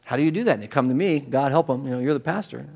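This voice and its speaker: A gravelly-voiced middle-aged pastor races through a conversational sermon. He's animated and talkative, breaking into sudden jumps in pitch and volume, doubling back on words, and adding asides.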